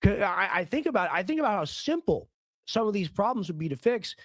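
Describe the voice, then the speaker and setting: A hoarse man hosting a live political stream, ranting in a rambling, heated way and often repeating his words. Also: high-pitched, very animated, brisk, no echo. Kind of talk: casual ranting commentary stream.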